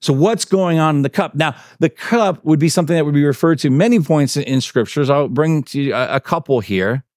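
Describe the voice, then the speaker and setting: A man's voice: a little fast, a little mellow, no room sound, studio quality. A man preaching a sermon in a conversational way, full of fillers and tag questions, and he acts out the quotes he tells. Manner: acts out quotes with big pitch swings. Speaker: pastor.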